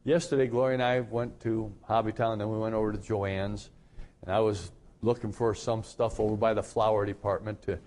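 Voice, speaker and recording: A middle-aged male pastor giving a radio sermon, telling a story in a conversational way with lively jumps in pitch. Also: a little fast.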